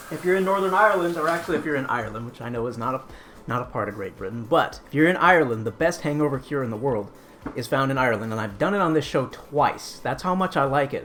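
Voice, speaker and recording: A man's voice: mid-range voice, fairly bright tone. A man hosting a casual cooking live stream, chatty and rambling as he answers chat.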